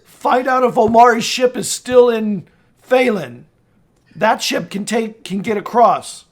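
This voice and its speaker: A man doing an irritable noble lord who makes sharp demands and often breaks into shouts. His voice sits high and swings widely, in a slow, deliberate delivery, the temper of a fantasy tabletop game. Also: big pitch swings, exaggerated voice. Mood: exasperated. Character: irritable noble father, exasperated lord of a keep.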